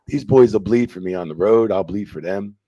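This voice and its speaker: A man's voice: fairly low pitch, brisk, dark tone, no echo, muffled recording. A man in a casual interview who tells stories, swears freely and acts out quotes animatedly. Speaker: retired wrestling referee, guest.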